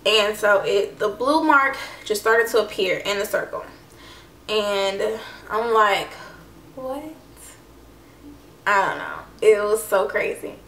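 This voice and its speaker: A young adult woman vlogger tells a personal story to camera, chatting casually and saying "like" and "I don't know" a lot. Her mid-range voice is a bit bright and moves at a measured pace. The mic is distant, the room echoey, and there's a little hiss or hum with her voice slightly off-mic.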